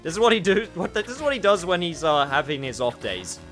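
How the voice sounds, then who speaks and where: Man streaming a game, casual commentary, talks to chat, slightly high voice. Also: big pitch swings, fast, a bit bright. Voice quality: chatty, swears, talks to chat. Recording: faint game music behind.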